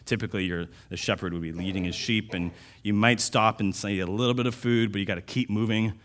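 Deep-voiced man preaching conversationally. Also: fairly even intonation, fast talker. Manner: conversational, with restarts and sudden louder emphasis. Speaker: pastor. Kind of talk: sermon.

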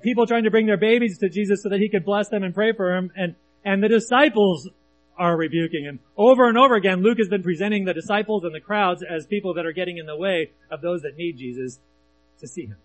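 A high-sitting, fast male voice preaches a sermon conversationally, reading scripture aloud between remarks and often checking in with listeners by asking "right?". The audio is poor, with a faint mains hum.

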